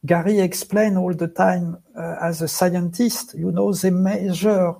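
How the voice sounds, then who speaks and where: A man speaking as an author and guest. He talks slowly and quietly, leaves long pauses between words, and uses non-native phrasing. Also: sits high, steady tone, vocal fry. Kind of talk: slow, soft-spoken explanation.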